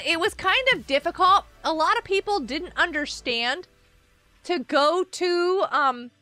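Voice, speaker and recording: A woman streaming a game, chatting with viewers in an excitable way, often gasping and exclaiming. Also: sits high, dry recording. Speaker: gaming streamer. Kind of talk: live gameplay commentary chatting with viewers.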